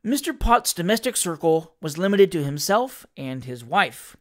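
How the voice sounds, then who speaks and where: A reader giving a scripted reading of a classic novel with expressive, lively narration. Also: medium pitch, normal speed. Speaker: audiobook reader.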